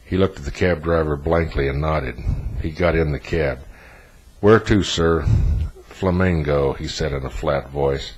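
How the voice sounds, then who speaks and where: A man reading a novel aloud as narrator in a flat, even delivery. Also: very deep voice, normal speed, few pauses, husky, low-quality recording. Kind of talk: audiobook narration.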